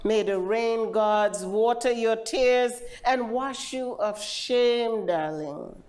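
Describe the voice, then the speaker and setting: An older woman from Trinidad with a Trinidadian accent, giving a measured, lilting live poetry reading as the featured poet at a literary event. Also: fairly high pitch, darkish tone.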